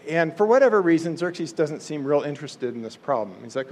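A man's voice: a little high, big pitch swings, brisk, hardly any pauses, darkish tone. A man casually and animatedly retelling a Bible story as a teacher.

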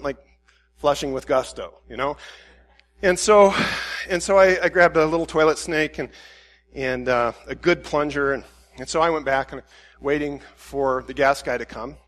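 A man preaching a sermon as a pastor, telling a self-deprecating everyday anecdote in an animated way, with frequent restarts. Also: a little high, long reverb tail. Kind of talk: storytelling sermon.

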